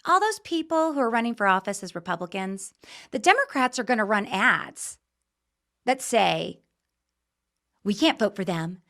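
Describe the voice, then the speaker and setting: A woman's voice: medium pitch, sing-song, moderate pace, long pauses, fairly bright tone. A middle-aged woman hosting a political talk show, ranting in fiery, impassioned commentary.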